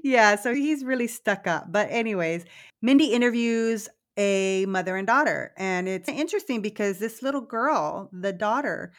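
A woman co-hosting a podcast, recapping a movie in a casual, animated way, swearing freely and laughing easily. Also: mid-range voice, normal speed. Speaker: podcast co-host.

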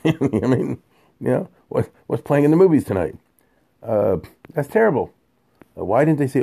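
A man giving an informal Torah lecture in a lively, conversational way, mixing in Hebrew and Yiddish terms. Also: medium pitch, normal speed, vocal fry, husky. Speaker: Torah teacher.

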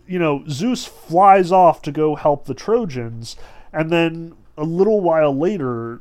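A man's voice: a little high, darkish tone. A man giving a casual literature lecture, talking conversationally with frequent "like" and "um" fillers. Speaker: literature teacher.

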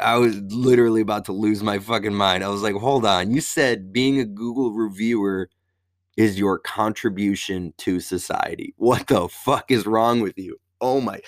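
A man telling a story as a profane comedic rant, animated, with heavy swearing and sudden leaps up in pitch. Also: no room sound, studio quality.

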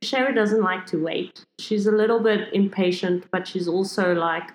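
A woman's voice: mid-range voice, normal speed, few pauses. A woman playing a tabletop game, narrating her character in third person. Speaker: player. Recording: echoey room.

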